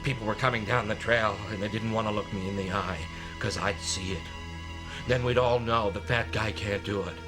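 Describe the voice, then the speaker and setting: An actor playing a self-mocking, out-of-shape husband, telling a story in a wry, self-deprecating comic monologue, with music behind. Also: male voice, fairly low pitch, steady tone, moderate pace, lightly acted. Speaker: film character narrating a monologue.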